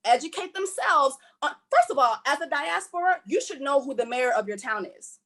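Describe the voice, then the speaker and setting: A woman's voice: high-pitched, expressive, normal speed, fairly bright tone. A woman from Haiti speaking on a panel, emphatic and blunt, swearing freely as she makes her points. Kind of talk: impassioned panel talk.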